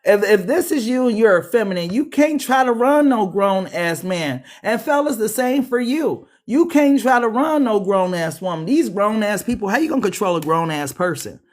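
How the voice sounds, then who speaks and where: A man giving a casual tarot reading, profane and animated, calling his viewers beloved. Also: high-pitched, normal speed, hardly any pauses. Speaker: tarot reader.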